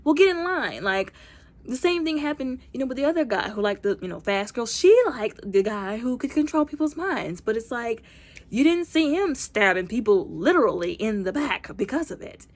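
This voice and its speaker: A woman's voice: a little high, lively intonation, moderate pace. Chatty woman recapping a movie. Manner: chatty, many fillers, acts out characters' lines; informal speech with y'all. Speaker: movie reviewer.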